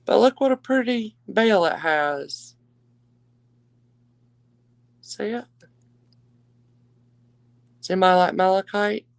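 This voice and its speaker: A woman's voice: mid-range voice, expressive, slow, creaky, pauses often, no room sound. A woman hosting a live-stream jewelry auction, chatting with viewers and calling them darling. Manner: chatty, warm endearments to viewers.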